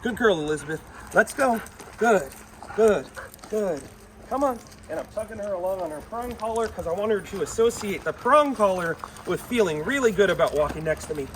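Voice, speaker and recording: A man working as a dog trainer in an instructional demo, switching between bright, high praise for the dog and calm explanation. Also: moderate pace. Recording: outdoor mic with clear background noise.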